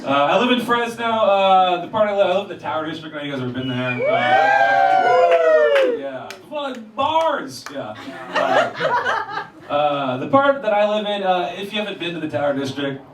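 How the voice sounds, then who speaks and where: A young man performs a profane, self-deprecating stand-up set in a small theater, acting out other people's voices. His high voice swoops wildly in pitch at normal speed. A distant, roomy mic catches heavy background noise and loud audience laughter.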